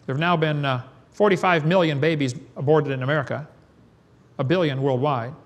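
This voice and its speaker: Man, preaching lecture, slightly high voice, folksy, emphatic, rhetorical questions. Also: a little fast. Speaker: creationist seminar speaker.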